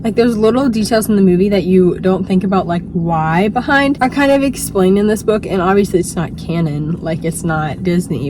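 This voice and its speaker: A woman's voice: mid-range voice, noisy background. A young woman in her twenties chatting casually in a reading vlog, rambling with lots of fillers. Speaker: book vlogger. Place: in her car.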